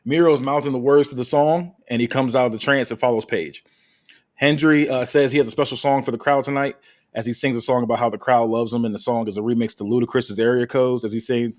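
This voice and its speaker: A man's voice: mid-range voice, steady tone, fast. A man hosting a podcast, casually reading out a wrestling story with many fillers. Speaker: podcast host.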